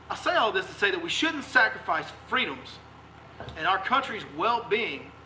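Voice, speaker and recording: A man's voice: high voice, bright, forceful tone, slight background noise. A man, a fishing guide hosting a live stream, delivering a fiery, emphatic rant full of repeated rhetorical questions. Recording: echoey room sound.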